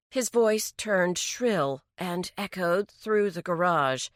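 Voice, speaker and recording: A woman narrating a mystery story in a slow, even storytelling delivery. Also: lowish voice, no echo, clean studio sound. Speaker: audiobook narrator. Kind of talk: scripted narration.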